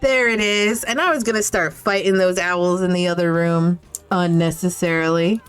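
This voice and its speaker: A woman's voice: lowish voice, fairly even intonation, normal speed, clear, resonant tone, soft background music. A woman streaming a video game, chatting casually, reacting aloud and swearing now and then. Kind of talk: casual live-stream commentary.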